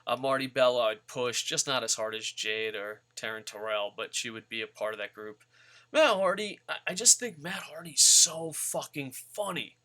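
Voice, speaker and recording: A man's voice: mid-range voice, lively intonation, normal speed, bright, forceful tone. A man ranting bluntly and profanely about wrestlers in a rambling vlog. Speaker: wrestling vlogger. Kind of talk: casual profane rant.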